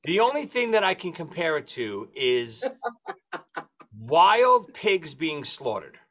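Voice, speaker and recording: A man telling a comic story among friends, acting out the voices of the people in it with shrill squeals. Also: big pitch swings, takes it slowly, a bit bright. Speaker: podcast host telling a story.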